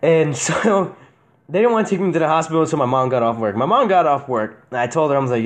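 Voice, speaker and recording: A man's voice: a little high, animated, quick pace. A young man hosting a podcast, telling childhood stories in casual chat, swearing freely and laughing often. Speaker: podcast host.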